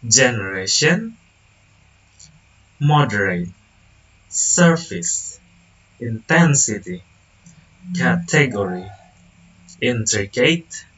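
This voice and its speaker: A young man, a student whose first language is Indonesian, reading a class presentation haltingly, with restarts and self-corrections. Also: mid-range voice, fairly bright tone, recorded from a distance, dull audio. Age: young adult.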